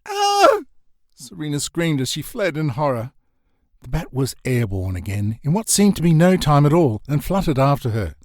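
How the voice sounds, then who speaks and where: A man narrating a comic novel as an audiobook, expressive and swinging his pitch for comic effect. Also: moderate pace, no echo, clean studio sound.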